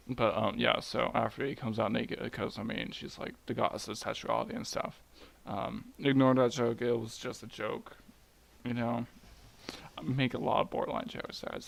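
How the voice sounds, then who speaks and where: A young man retelling a myth casually at home, muttering quietly and rambling with jokes. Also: medium pitch, creaky. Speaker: storyteller. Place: home at night.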